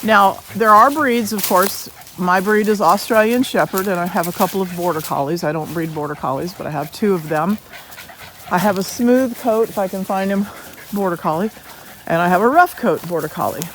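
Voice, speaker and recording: A woman's voice: mid-range voice, normal speed, a little hiss or hum, poor audio. Chatty woman dog breeder outdoors. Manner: chatty, informal, breaks off to call her dogs. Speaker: dog breeder and channel host. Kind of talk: casual explanatory vlog. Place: outdoors in open pastures.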